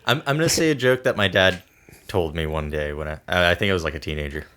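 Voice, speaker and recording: A man's voice: low voice, quick pace, a bit bright, slight background noise. A man co-hosting a podcast, telling crude jokes in casual chat. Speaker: podcast co-host.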